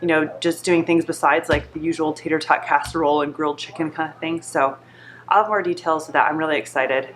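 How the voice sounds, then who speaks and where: A woman's voice: deep voice, steady tone, fairly quick. A young woman who is congested from allergies, chatting in a rambling, friendly way as she cooks in her home kitchen. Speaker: home cooking vlogger. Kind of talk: casual chat.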